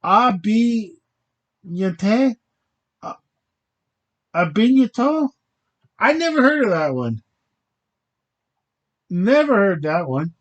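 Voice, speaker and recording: A man with a high-pitched voice talks slowly in a loose, rambling way, as a host addressing his channel. He keeps restarting sentences and trips over unfamiliar foreign words. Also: big pitch swings, fairly bright tone, rough recording. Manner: hesitant, self-interrupting, fumbling foreign words. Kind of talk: rambling casual monologue.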